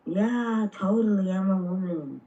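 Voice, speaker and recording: A drunk woman in a voice chat, mumbling and hurling taunts on a low mic. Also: measured pace, dark tone. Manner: taunting, insulting. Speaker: voice chat participant. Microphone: low-level mic. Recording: dull lo-fi mic with faint noise.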